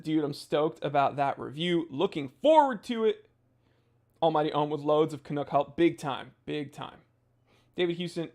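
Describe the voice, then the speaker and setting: A young man hosting a casual livestream, reading viewer comments aloud in a goofy, jokey way with sudden loud outbursts. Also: a little high, creaky. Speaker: watch channel host.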